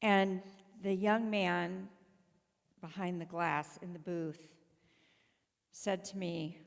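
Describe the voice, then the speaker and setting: A woman's voice: lowish voice, fairly even intonation, slow, gravelly. A woman rabbi giving a sermon as personal storytelling, conversational, acting out the voices of people she quotes. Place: synagogue sanctuary. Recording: long reverb of a large hall.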